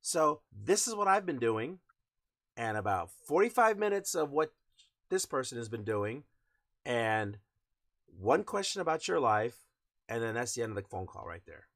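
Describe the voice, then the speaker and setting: A man's voice: mid-range voice, very animated, normal speed, vocal fry, fairly bright tone. A man co-hosting a casual podcast, telling stories in a blunt, wry way. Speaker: podcast co-host. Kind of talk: casual chat.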